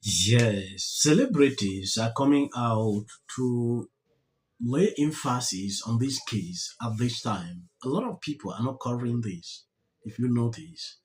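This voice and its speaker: A man hosting a commentary channel, talking earnestly and with emphasis about a news story. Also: low-quality recording. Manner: earnest, emphatic, pitch rising and falling.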